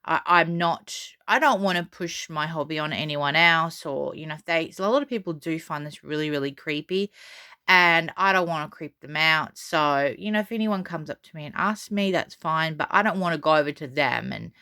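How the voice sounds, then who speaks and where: Low-voiced, bright, crisp woman vlogger. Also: moderate pace, dry recording, clean studio sound. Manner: chatty and rambling, many fillers and restarts; defiant, unbothered. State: frog in her throat. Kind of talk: casual storytelling vlog.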